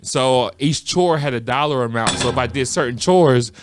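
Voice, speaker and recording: In a relaxed podcast conversation, this male co-host spins an animated story, frequently laughing and performing other people's lines. His mid-range voice is clear and resonant at a normal speed, captured in studio quality without any room sound.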